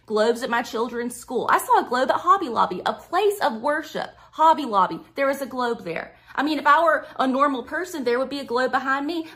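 A woman playing a deadpan conspiracy mom, fake Southern drawl. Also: high voice. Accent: put-on Southern US.

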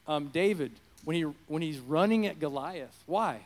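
Fervent pastor over soft worship music. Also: male voice, a little high, expressive, a little slow, long pauses, long reverb tail. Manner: rambling, improvised, building to fervent loudness. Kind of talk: unscripted sermon. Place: church sanctuary. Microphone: handheld mic.

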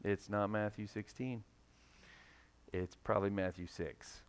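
A man's voice: lowish voice, fairly even intonation, measured pace, a little hiss or hum. A man preaching a sermon in a conversational way, reading scripture and now and then acting out quoted voices. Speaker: pastor.

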